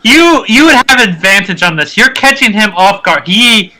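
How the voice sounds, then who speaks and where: Man, game master, tabletop narration, matter-of-fact, high pitch, bright tone. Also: very animated, moderate pace, poor audio. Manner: plain, matter-of-fact rulings.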